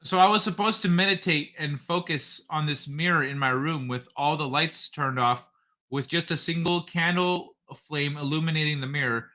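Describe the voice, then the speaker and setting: A man's voice: a little high, fairly even intonation, normal speed, bright, forceful tone. A man hosting a casual livestream, reading chat aloud in a loose, profane way and laughing often. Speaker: livestream host.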